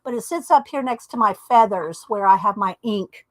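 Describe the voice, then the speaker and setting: A woman with a medium-pitched voice talks at a normal speed, with no room sound behind her. She's hosting an art livestream, rambling in casual chat and thanking viewers by name.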